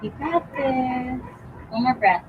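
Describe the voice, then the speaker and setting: A young woman teaching a yoga class outdoors, giving calm, encouraging cues with casual fillers, a bit out of breath. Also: sits high, slow, phone-quality sound, slight background noise. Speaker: yoga instructor. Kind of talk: guided yoga class instruction.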